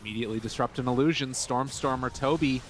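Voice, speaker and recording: A man with a North American accent co-casting a live esports match in a relaxed, conversational way. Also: mid-range voice, fast talker, soft background music. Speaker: esports caster.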